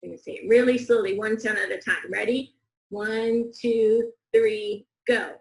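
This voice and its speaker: A woman teaching young students a phonics lesson, slow, clear and encouraging, with call-and-response counting. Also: a little high, fairly even intonation, echoey room, low-quality recording.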